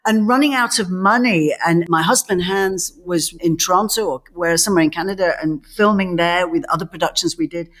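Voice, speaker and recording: A woman's voice: lowish voice, a little fast, few pauses. A middle-aged woman co-hosting a casual chat, telling stories with many restarts and acting out the quotes. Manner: lively storyteller who acts out quotes, many restarts. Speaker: podcast co-host.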